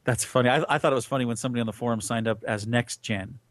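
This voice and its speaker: A man's voice: mid-range voice, fairly even intonation, very fast, dry recording. A man co-hosting a podcast in easygoing casual chat, reading out listener questions. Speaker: podcast co-host.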